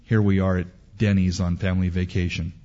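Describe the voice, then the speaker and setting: A middle-aged man with a low, fairly flat voice preaches a sermon to young men, speaking briskly with a warm tone. He tells his stories emphatically and repetitively. The recording is dull and lo-fi.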